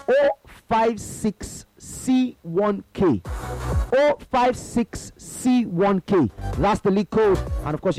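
Lively Nigerian radio host. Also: male voice, high voice. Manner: upbeat, drawn-out greetings, chatty. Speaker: radio sports show host. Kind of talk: call-in radio talk. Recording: radio broadcast with faint music.

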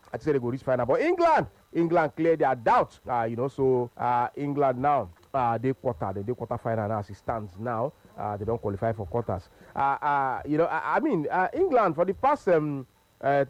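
A man's voice: mid-range voice, no echo. A man with a Nigerian accent hosting a radio sports call-in show, chatting casually in English and Pidgin with lots of fillers. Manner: relaxed, frequent hums and laughs. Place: radio studio.

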